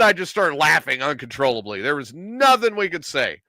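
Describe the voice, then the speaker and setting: A man's voice: a little high, sing-song, moderate pace, sharp tone, dry recording. A middle-aged man hosting a casual chat, telling a story and acting out the quotes. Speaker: podcast host telling a story.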